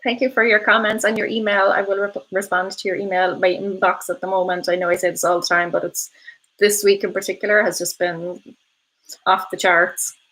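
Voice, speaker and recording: A woman's voice: medium pitch, little pitch movement, brisk, a bit bright, rough recording. A woman hosting a casual live stream, chatting with viewers, often saying um and laughing between thoughts. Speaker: host of a live stream, reading viewer comments.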